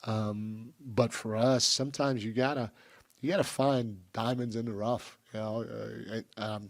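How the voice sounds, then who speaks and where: Halting coach at a press conference. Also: male voice, lowish voice, steady tone, no echo. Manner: halting, with frequent restarts and fillers. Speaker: basketball head coach.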